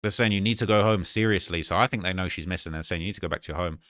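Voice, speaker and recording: A man talks quickly in a bright, forward voice as he hosts a casual live stream. His pitch sits on the lower side, and he keeps slipping into slang while re-quoting bits of a clip. The close mic sounds dry, with no room around it. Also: dry recording. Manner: slangy, re-quotes clip lines.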